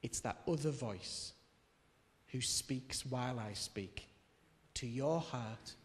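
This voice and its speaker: English preacher in an echoing hall. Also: male voice, medium pitch, takes it slowly. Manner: storytelling with acted quotes, swings between loud and hushed. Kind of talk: sermon. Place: church hall. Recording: long hall reverb.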